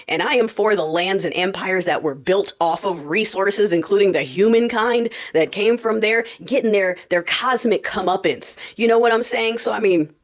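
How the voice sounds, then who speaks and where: A woman hosting a casual morning commentary for her viewers, sarcastic, laughing often and calling them darling. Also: mid-range voice. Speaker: political commentary host.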